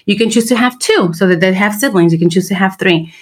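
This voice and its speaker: A woman's voice: medium pitch, fast, breathy edge. A woman in her thirties co-hosting a podcast, talking candidly and slipping Spanish phrases into her English. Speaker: podcast co-host. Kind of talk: casual chat.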